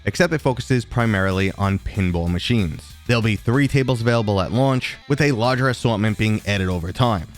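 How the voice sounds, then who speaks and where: An upbeat man hosts a gaming channel, moving briskly through a scripted roundup of new releases. His voice sits at a middle pitch, and faint music plays behind it. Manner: upbeat, quick listing of games.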